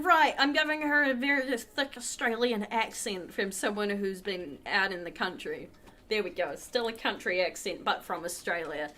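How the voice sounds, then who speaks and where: A woman with a lowish, slightly bright voice hosts a charity livestream, casually commenting on the game she's playing at her computer and talking with viewers in the chat. A little hiss or hum is audible.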